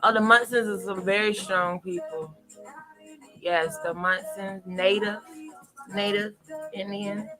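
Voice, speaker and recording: A woman in a relaxed, chatty mood runs a live tarot stream, her voice sitting at a middle pitch. She laughs easily and drifts between gossip and readings. Soft music plays behind her. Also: takes it slowly, pauses often, poor audio. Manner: laughs often, animated and chatty. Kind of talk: casual live-stream chat.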